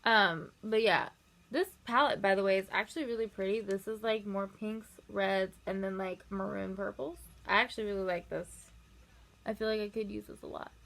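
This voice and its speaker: Gravelly-voiced young woman rambling. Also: medium pitch, a bit bright. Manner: rambling, filler-heavy, quick asides. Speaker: makeup vlogger. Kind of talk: casual chatty storytelling while doing makeup.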